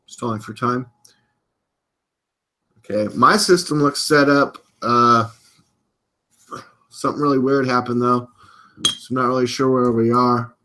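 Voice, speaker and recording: A man's voice: mid-range voice, fairly even intonation, a little slow, pauses often, sharp tone. A man hosting a casual live-stream show, rambling and cursing, sometimes half-rapping his talk. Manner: loose, rambling, profane, drifts into rhyme. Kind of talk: casual live-stream chat, half-rapped over a beat. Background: hip hop beat playing.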